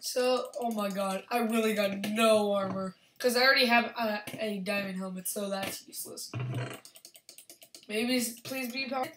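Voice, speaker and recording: A young woman giving excitable, rambling commentary over her own gameplay, yelling at opponents. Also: medium pitch, normal speed. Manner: excitable, restarts often, yells at opponents. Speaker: gaming channel host. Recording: echoey room with faint background hiss.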